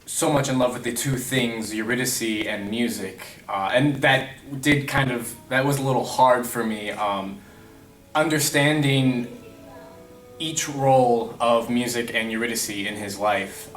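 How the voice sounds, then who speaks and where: A young man, a stage actor, talking hesitantly with many pauses about his role. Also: mid-range voice, a bit bright. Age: young adult. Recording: roomy, distant mic, faint music.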